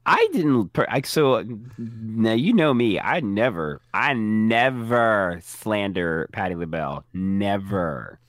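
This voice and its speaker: A man's voice: on the low side, lively intonation, slow, few pauses, dry recording, studio quality. A man co-hosting a casual podcast, reacting with wry, playful, sassy asides. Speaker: podcast co-host. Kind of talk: casual chat.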